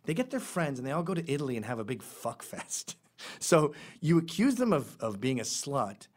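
A middle-aged man hosting a show, talking in a blunt, sarcastic and rambling way. His pitch swings widely, which keeps the monologue lively. His voice sits at an ordinary male pitch. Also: moderate pace. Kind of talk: opinionated monologue.

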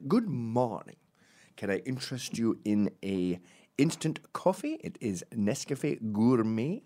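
A man's voice: mid-range voice, animated, slow, dark tone. A man voicing his fussy older Scottish father, mock-courteous and prim but indignant underneath. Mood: genial. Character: fussy older Scottish dad, politely mean.

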